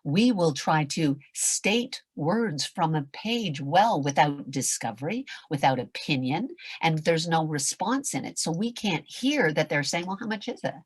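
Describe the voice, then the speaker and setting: An older woman with a raspy, nasal voice, giving a passionate motivational talk as a voice acting coach on a video call, swinging from loud to whispered. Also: low-pitched, expressive, measured pace, few pauses, dry recording.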